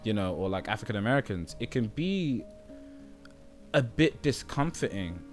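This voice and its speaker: This young British YouTuber has a fairly low, sing-song voice and speaks at normal speed while rambling to his viewers. Soft music plays behind him, and he frequently asks "do you know what I mean" to make sure they follow.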